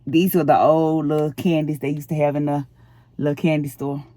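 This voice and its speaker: A woman's voice: low voice, flat delivery, brisk, warm tone, slight background noise. A woman, talking casually to her vlog audience and venting emphatically, repeating herself. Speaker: vlogger. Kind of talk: casual vlog talk to camera. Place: parked in her truck.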